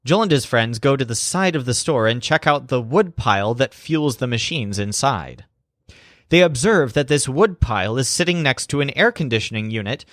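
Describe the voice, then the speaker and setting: Man, language teacher, scripted lesson narration, deliberate over examples, dry recording. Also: mid-range voice, no room sound. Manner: slows down to spell out example phrases.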